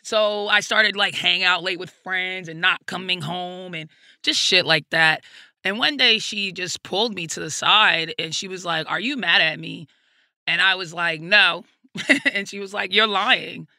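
Woman, gravelly, bright edge, frank storytelling, dry close sound. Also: lowish voice, moderate pace, no echo. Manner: reflective, frank, peppered with "like" and "you know"; swears casually. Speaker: guest comedian. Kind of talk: candid personal storytelling in an interview.

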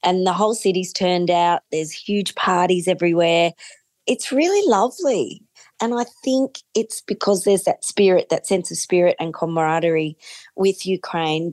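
A woman's voice: fairly low pitch, darkish tone, dry recording. An Australian woman, a music commentator, answering interview questions in an enthusiastic, chatty way. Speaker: Eurovision commentator.

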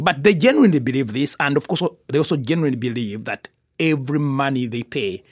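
A man from Africa hosting a casual, joking chat, animated and often breaking into laughter mid-sentence. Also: mid-range voice, no room sound. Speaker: host.

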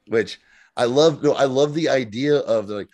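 A man in his thirties co-hosting a casual podcast, recapping a TV episode in an animated, profane way and slipping into quick mock voices. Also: mid-range voice, no room sound. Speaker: podcast co-host.

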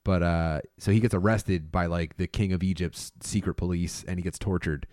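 A man's voice: low voice, steady tone, moderate pace, darkish tone, no room sound, clean studio sound. A man co-hosting a podcast in casual chat, joking and rambling with plenty of swearing. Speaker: podcast co-host.

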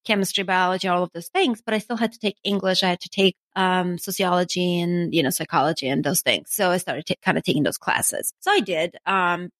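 A woman's voice: lowish voice, brisk, few pauses, fairly bright tone, no room sound. Chatty woman. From Armenia. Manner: chatty, many asides like "you know" and "right?", laughs at herself. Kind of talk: casual storytelling.

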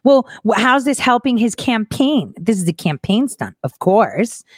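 A woman's voice: on the high side, measured pace, no room sound. Sarcastic woman ranting over news clips, voice jumps all over, dry close sound. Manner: sarcastic, animated, mocking impressions. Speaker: commentary show host.

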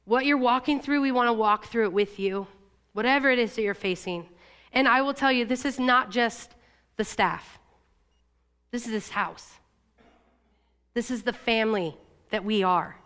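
Woman preaching, kinda high voice, raw personal story, swings up and down a lot. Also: a bit bright, smooth. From Oregon, USA. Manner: emotional, confessional storytelling with quick shifts in pitch. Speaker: church staff speaker. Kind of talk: sermon.

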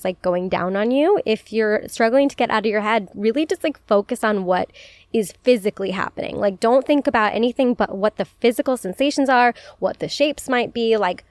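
A woman's voice: on the high side, a little mellow, no echo. Chatty, profane young woman podcast host. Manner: chatty, profane, laughs often, says "like" a lot. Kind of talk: casual chat, advice podcast.

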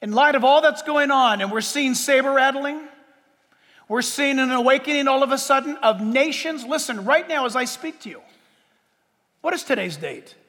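A male pastor delivers a sermon in a strikingly high voice. He stretches out words with dramatic pauses, then breaks into loud bursts. A long reverb from a large hall follows every phrase. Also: animated.

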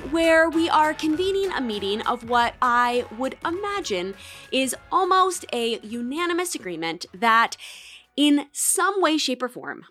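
Female podcast host, 30s, slightly high pitch, casual and reflective, slips into quoted voices. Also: a bit bright. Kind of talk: casual solo podcast talk.

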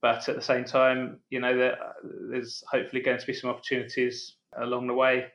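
A man's voice: mid-range voice, monotone, fairly quick, a bit bright. A man in his forties being interviewed as a guest, friendly and hesitant, often repeating words as he talks. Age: 40s. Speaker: guest, business founder. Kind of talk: casual interview.

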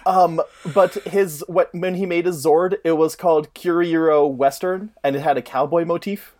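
A man's voice: fairly high pitch, steady tone, moderate pace, a little mellow. A man co-hosting a casual chat who explains show trivia at length. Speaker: podcast co-host.

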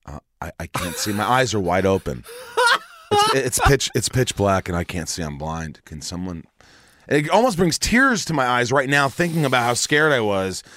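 A man telling a dramatic personal story in casual chat, animated and acting out dialogue, swearing freely. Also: medium pitch, moderate pace, dry recording, studio quality.

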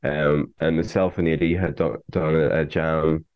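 A man from a band talking through how a track came together, hesitant and halting as he explains. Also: rumbling low, fairly even intonation. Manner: hesitant, many fillers and restarts. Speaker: band member, musician. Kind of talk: casual interview chat. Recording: dull lo-fi audio.

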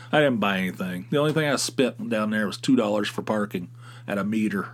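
A man's voice: lowish voice, a little fast, a little hiss or hum. A man from Pennsylvania hosting a podcast, telling a rambling, wry story with profane asides. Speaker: podcast host. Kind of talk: casual storytelling monologue.

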